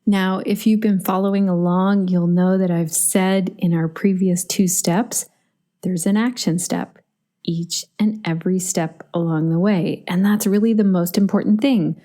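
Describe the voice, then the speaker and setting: A woman's voice: lowish voice, fairly even intonation, measured pace, warm tone. A middle-aged woman hosting a solo podcast, chatty and storytelling, laughing easily. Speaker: podcast host.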